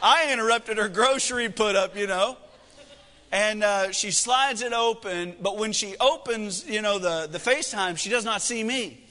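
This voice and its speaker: A man's voice: high voice, normal speed, pushed and bright. A man in his thirties preaching a sermon, telling a family story in a folksy, joking, self-deprecating way. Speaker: pastor. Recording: echoey hall reverb.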